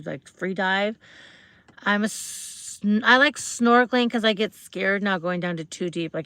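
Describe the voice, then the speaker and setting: A woman's voice: on the low side, fairly bright tone, dry recording. A woman hosting a casual livestream, chatting bubbly and rambling with viewers, greeting them and asking questions. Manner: rambling, with many fillers and restarts. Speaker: livestream host.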